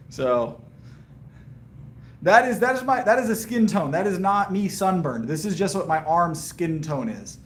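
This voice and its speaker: A man's voice: high voice, big pitch swings, unhurried, pauses often, reverberant, a little hiss or hum. A man, chatting casually with viewers on a live stream between lifting sets and answering their questions. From Southern US. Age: 30s. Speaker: powerlifting livestreamer.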